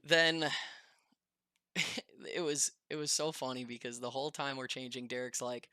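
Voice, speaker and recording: Male vlogger, casual storytime delivery, animated and chatty, bright clear tone. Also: mid-range voice, normal speed, no echo, studio quality. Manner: animated, chatty, laughing often.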